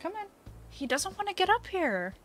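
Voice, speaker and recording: A woman's voice: extremely high pitch, big pitch swings, normal speed, fairly bright tone, faint music behind. A woman streamer chatting casually on a live stream, giggling often and talking to her pets. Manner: bubbly, giggly, baby-talks to her pets.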